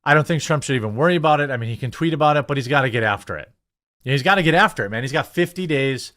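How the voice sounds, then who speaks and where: Male host, casual political commentary, animated and sarcastic, middle pitch. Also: rapid-fire. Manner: animated, sarcastic, lots of fillers.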